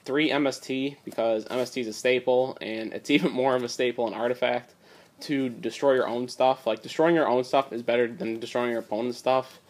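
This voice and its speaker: Recorded on a tablet, a young man of medium pitch casually runs down his card game deck. He rambles with lots of filler words, and his voice is slightly strained from long talking.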